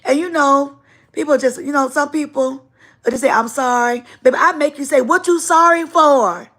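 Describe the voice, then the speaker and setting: A woman's voice: sits high, a little fast. A woman hosting a casual livestream, telling stories in an emphatic, repetitive way. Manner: animated, emphatic storytelling with repetition. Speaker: livestream host and teacher.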